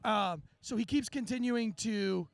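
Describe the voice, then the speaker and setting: High gravelly-voiced man telling stories. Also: measured pace, no echo. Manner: animated storyteller, swears freely. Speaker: podcast host. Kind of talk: casual chat, storytelling.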